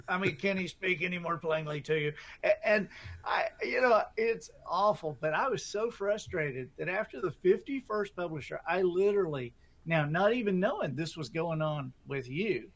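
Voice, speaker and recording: Animated storytelling man, raised voice. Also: high voice, normal speed. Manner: lively, acts out his own inner voices. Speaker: guest author.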